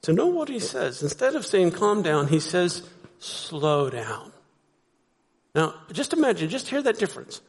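A man's voice: high-pitched, very animated, fairly quick, few pauses, darkish tone, breathy edge. A man preaching a sermon as pastor, talking to the congregation conversationally and asking them rhetorical questions. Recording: long hall reverb.

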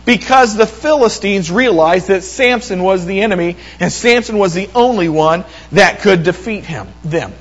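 A man preaching a sermon, retelling a scripture story with lively quoted voices and frequent restarts. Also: high voice, moderate pace, hardly any pauses, muffled recording.

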